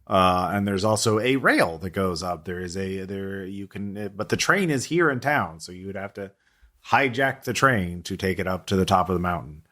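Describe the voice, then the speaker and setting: A man's voice: low voice, animated, moderate pace, pushed and bright. A man narrating as game master of a tabletop game, rambling with many fillers and restarts.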